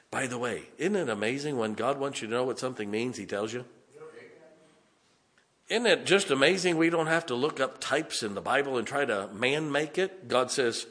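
A man preaching a sermon, animated and conversational, with dramatic emphasis and asides. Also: medium pitch, in a large hall.

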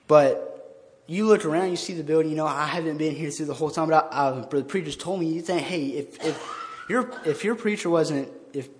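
A man's voice: fairly high pitch, a little fast. A man giving an earnest, informal sermon in place of his pastor, talking conversationally and often restarting his words. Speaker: lay church member preaching in the pastor's place. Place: church sanctuary. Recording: long church-hall reverb.

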